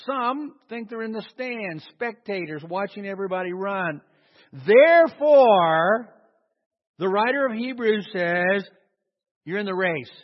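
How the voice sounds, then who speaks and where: A pastor with a high-sitting, expressive male voice preaches a sermon to his congregation at a measured pace, emphatic and calling for responses. The sound is dull, captured in a hall with long reverb.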